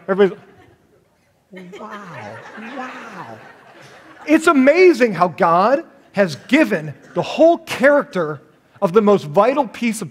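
A middle-aged man preaching a sermon as pastor, animated and jokey, acting out little voices in his stories. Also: high voice.

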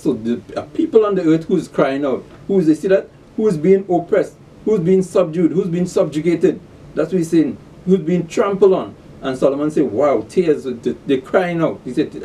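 A man's voice: a little high, dark tone, far from the mic. Man teaching scripture with rhetorical questions. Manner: repeats key words, asks rhetorical fill-in questions; reads scripture aloud slowly, then explains it. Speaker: bible class teacher.

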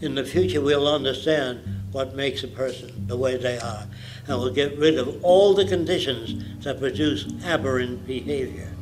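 A man's voice: mid-range voice, moderate pace, music in the background, low-quality recording. Blunt elderly man lecturing. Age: 90s. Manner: blunt, provocative. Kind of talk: public lecture.

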